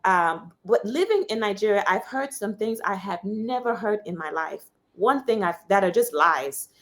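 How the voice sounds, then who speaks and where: A young woman from the United States, a journalist giving an interview, telling personal stories in a candid, animated way. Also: medium pitch, moderate pace. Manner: animated storyteller, quotes others with raised voice. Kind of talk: candid conversational storytelling.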